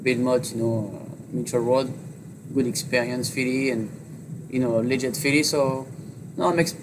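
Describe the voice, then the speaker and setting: A man with a French accent, a jockey, talking in an interview with a halting manner full of fillers. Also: medium pitch, steady tone, background noise. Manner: halting, filler-heavy speech with many "you know"s. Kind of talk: interview on horse racing.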